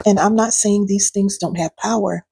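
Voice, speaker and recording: A woman's voice: medium pitch, steady tone, moderate pace, vocal fry, warm tone, husky, no room sound. A woman host, coaching her viewers in a direct-to-camera talk, preachy and sassy, calling them pet names. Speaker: healing coach and video host.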